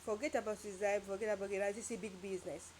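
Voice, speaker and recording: A woman's voice: medium pitch, steady tone, very fast, darkish tone, a little hiss or hum. Rambling, emphatic woman vlogger. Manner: emphatic, rambling, with sound-effect words. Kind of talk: casual opinion monologue.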